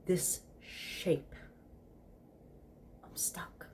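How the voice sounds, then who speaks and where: A woman voicing a sardonic male demon stuck in snake form, with a hushed, half-whispered delivery. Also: on the low side, a little slow, a little hiss or hum, natural voice.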